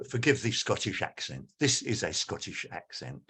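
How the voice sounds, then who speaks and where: Passionate husky-voiced man on a panel. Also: low voice, normal speed, hardly any pauses. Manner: passionate, animated, many fillers and restarts. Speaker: panel speaker. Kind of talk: conference panel remarks.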